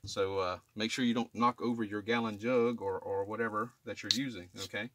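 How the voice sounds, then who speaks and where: Plain-spoken tradesman with a lowish voice. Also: steady tone, a little fast, noisy background. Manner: plain-spoken, repeats "okay?" to check in with viewers. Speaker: HVAC technician demonstrating maintenance. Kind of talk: casual how-to demonstration. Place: residential attic. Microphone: camera filming himself while working.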